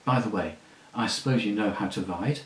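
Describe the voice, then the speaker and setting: A man reading aloud, voicing a proud male talking war horse with a brisk, commanding, scornful manner. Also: on the low side, reverberant, close to an everyday voice, poor audio. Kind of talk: audiobook reading.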